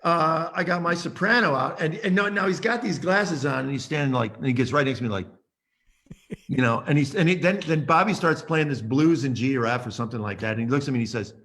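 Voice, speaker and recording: A man's voice: medium pitch, brisk, fairly bright tone, slight background noise. A man in his sixties, a guest saxophonist, telling stories in an interview and acting out the voices in them. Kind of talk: storytelling in an interview.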